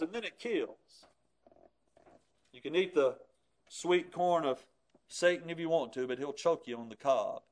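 A man preaching a sermon, telling stories and acting out quoted voices, with sudden drops to a hush. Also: sits high. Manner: storytelling, acts out quoted voices, dramatic drops in volume.

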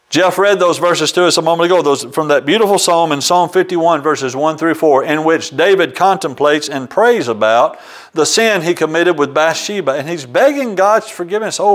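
A man's voice: high voice, fairly bright tone, rough recording. A man preaching a sermon, earnest and citing scripture by chapter and verse, with homely examples. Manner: uses homely examples, occasional ums.

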